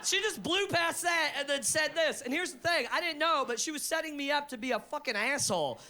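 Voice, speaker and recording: A high-pitched man doing stand-up on a live stage, his voice bright and cutting as he barrels through a profane story. He gets excitable and loud, jumping into shouted voices for the other people in the tale, talking into a handheld mic. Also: a little fast. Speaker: stand-up comedian. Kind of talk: stand-up comedy set. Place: live comedy venue with audience laughter.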